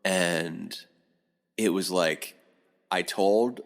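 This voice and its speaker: A middle-aged man, a podcast guest, telling a long rambling story in casual talk, animated and swearing often. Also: deep voice, drawn-out words, creaky.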